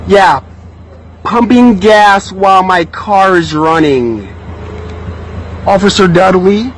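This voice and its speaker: High-voiced man loudly mocking police. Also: slight background noise, rough recording. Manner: loud, mocking, excitable, often shouting and laughing. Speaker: driver getting a ticket. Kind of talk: live-streamed mocking commentary. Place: outdoors at a gas station by the road.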